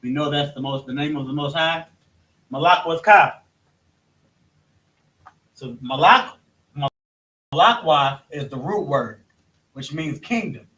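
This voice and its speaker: A man with a fairly high voice teaches a scripture lesson, halting and restarting as he points things out on a board. He is recorded from across an echoey room, so his voice sounds distant. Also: sharp tone. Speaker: religious teacher. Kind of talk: classroom-style scripture lesson.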